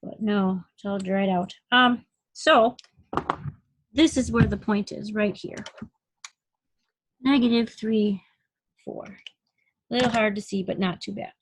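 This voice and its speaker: A woman's voice: medium pitch, slow, pauses often, slight background noise. A woman teaching a recorded math lesson, patiently counting units aloud and asking questions as she works. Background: dog barking.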